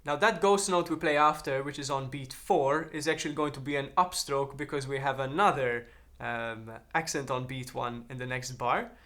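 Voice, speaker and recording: A man's voice: mid-range voice, moderate pace, a bit bright. A man teaching a drum lesson on a practice pad, explaining technique and counting beats aloud.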